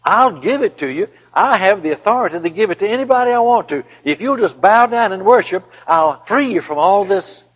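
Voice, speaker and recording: A preacher voicing a coaxing, bargaining devil. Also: male voice, sits high, lively intonation, fairly quick, few pauses, breathy edge, pitched above the performer's own voice. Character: tempting devil, smooth persuasive male bargainer. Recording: dull lo-fi recording in a reverberant hall.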